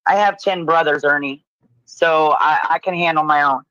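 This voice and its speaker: A woman's voice: low voice, moderate pace, a bit bright, no echo. A woman co-hosting a casual livestream chat, blunt and profane, teasing her co-host. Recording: dull lo-fi stream audio.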